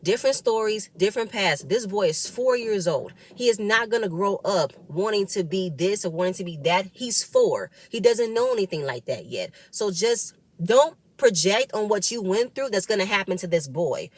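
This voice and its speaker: A woman's voice: mid-range voice, lively intonation, moderate pace, hardly any pauses, no room sound. A woman in casual recap chat about a reality show episode she was part of, talking emphatically and repeating words for stress.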